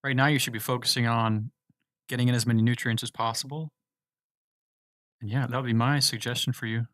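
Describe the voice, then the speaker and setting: A laid-back American man hosts a livestream, reading viewer questions aloud and answering them loosely. His voice sits at an ordinary middle pitch with a fairly bright tone and fairly even intonation, and he talks a little fast. The sound is close and dry, with no room echo.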